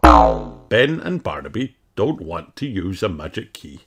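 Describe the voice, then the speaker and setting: A man reading a children's story aloud, slow and expressive. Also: deep voice, vocal fry. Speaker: storybook reader. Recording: noisy home recording.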